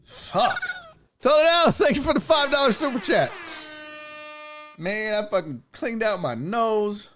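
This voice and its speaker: A man hosting a live stream, telling a long, profane story with lively swings in pitch. His voice sits a bit high for a man. He talks in a casual, ranting way. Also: unhurried, slight background noise. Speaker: host.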